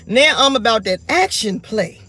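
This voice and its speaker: A woman's voice: fairly high pitch, animated, moderate pace, pushed and bright, breathy edge. Blunt, defiant woman in her forties ranting. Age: 40s. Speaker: vlogger. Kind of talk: unscripted rant to camera.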